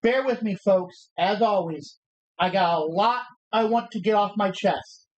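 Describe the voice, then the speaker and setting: A woman's voice: mid-range voice, unhurried, lo-fi sound, lightly acted. A woman re-enacting a brash male pro wrestler's defiant promo on a livestream, taunting and cocky, tripping over the words as she recites them.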